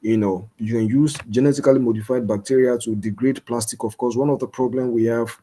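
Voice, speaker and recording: A man's voice: mid-range voice, steady tone, a little fast, dark tone. A young man from Nigeria giving an informal science lecture, explaining step by step with many fillers and restarts. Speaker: guest lecturer.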